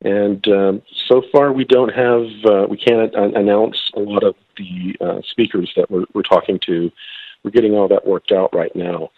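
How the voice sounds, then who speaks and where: A slightly hoarse man calling in by phone as a guest, talking hesitantly with many fillers and restarts. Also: fairly low pitch, fairly even intonation, moderate pace, no echo. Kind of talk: phone-in interview. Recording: tinny phone line.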